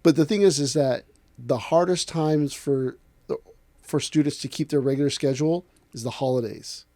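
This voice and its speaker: A somewhat high, mellow male voice in a dry, close recording. He is an aikido instructor talking casually on a podcast. He tells stories with energy and acts out what other people said. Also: normal speed, dry recording. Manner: animated storyteller acting out other people's voices.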